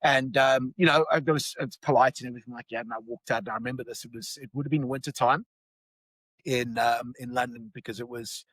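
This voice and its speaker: A man's voice: mid-range voice, steady tone, fairly quick, fairly bright tone, dry recording, poor audio. A middle-aged man from South Africa, a podcast guest, telling a personal story with many fillers and restarts. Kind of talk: storytelling in conversation.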